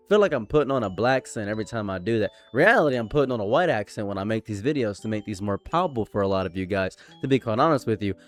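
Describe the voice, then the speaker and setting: Young guy ranting on his commentary channel, blunt, says stuff twice to drive it home. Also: medium pitch. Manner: frank, lecturing, repeats points for emphasis. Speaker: commentary YouTuber. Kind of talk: casual commentary monologue.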